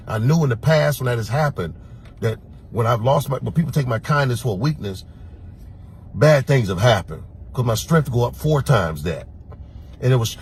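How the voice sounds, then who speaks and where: Very husky man telling a heated story. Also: mid-range voice. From Florida. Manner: animated, emphatic, acts out his own quoted lines. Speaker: security officer.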